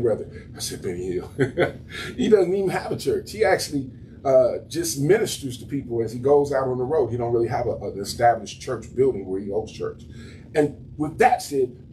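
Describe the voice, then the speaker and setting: A man's voice: mid-range voice, lively intonation, brisk, mellow, distant mic, slight background noise. A man pastor preaching in a conversational way to his congregation in a small church room, repeating words as he builds his point. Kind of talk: sermon.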